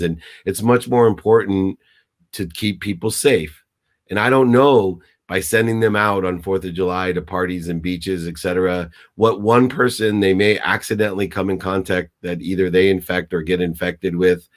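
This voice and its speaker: Sounding a little choked up, a middle-aged guest mentor delivers motivational talk in an interview. His very low voice carries emphasis and emotion, though he keeps tripping into restarts.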